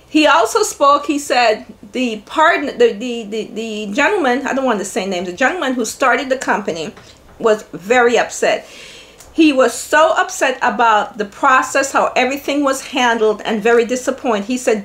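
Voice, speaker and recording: An older woman with a lilt chats to her viewers, retelling a story with frequent laughter and quoted dialogue. Her voice sits a little high for a woman. She talks in a relaxed, animated vlog style. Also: moderate pace. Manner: animated, laughing often, quoting others. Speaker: vlogger. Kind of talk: casual storytelling to camera.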